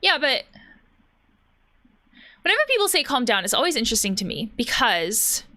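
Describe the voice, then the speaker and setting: Bright-voiced woman therapist musing casually. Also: fairly high pitch, very animated, normal speed. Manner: thoughtful, chatty, many fillers and restarts. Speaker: therapist streaming a video game. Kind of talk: casual commentary while gaming.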